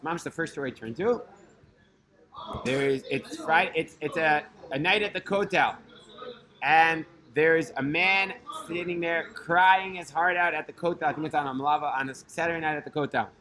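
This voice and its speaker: At normal speed, a storyteller host with a fairly high, pushed, bright voice relates a personal religious story. The telling is loose and conversational, packed with fillers and restarts and scattered with Hebrew terms.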